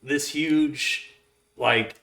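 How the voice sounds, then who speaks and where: A man's voice: fairly high pitch, fairly even intonation, drawn-out words, gravelly, sharp tone. A man hosting a podcast in casual chat, meandering through a news story in a laid-back way. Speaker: podcast host.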